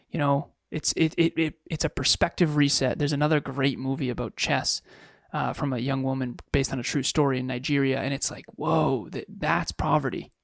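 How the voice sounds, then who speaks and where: A man's voice: fairly high pitch, vocal fry, no room sound, studio quality. A man in his thirties co-hosting a podcast, telling stories in an earnest, reflective way. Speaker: podcast co-host. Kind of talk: casual chat.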